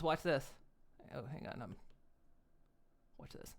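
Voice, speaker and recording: A woman's voice: on the low side, sing-song, very slow, long pauses. A woman streaming live, chatting casually and playfully, laughing often and hamming up her expressions. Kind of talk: casual livestream chat.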